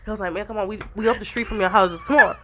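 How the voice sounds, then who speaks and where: A woman's voice: mid-range voice, rapid-fire, very noisy. A woman co-hosting casual drunken girl talk, telling blunt, profane stories with emphasis. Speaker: podcast co-host.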